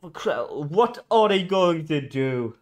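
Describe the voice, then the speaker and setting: A man hosting an anime reaction video, excitable, with gasps, drawn-out exclamations and stumbling restarts when agitated. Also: fairly high pitch. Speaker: anime reaction channel host.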